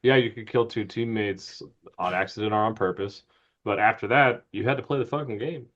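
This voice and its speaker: A man's voice: fairly low pitch, brisk, fairly bright tone. A man co-hosting a gaming podcast in casual, profane chat, laughing often. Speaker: podcast co-host. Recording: dull lo-fi sound.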